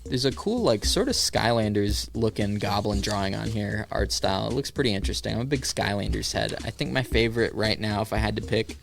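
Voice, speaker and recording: A man's voice: lowish voice, brisk, vocal fry, hardly any pauses, over music. A man hosting a solo podcast in casual chat, riffing sarcastically and swearing freely. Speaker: podcast host.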